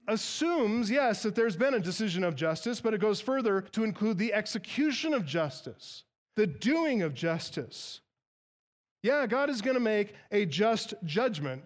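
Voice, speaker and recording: A man preaching an expository sermon, emphatic and explanatory, asking rhetorical questions and stressing key words. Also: high-pitched. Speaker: pastor.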